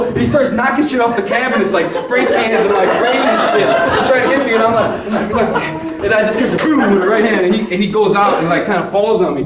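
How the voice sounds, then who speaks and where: Brief: high-pitched young man from Chicago, live storyteller, animated, acts out voices; echoey room, distant mic, audience noise. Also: brisk, few pauses, crowd noise. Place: live stage before an audience.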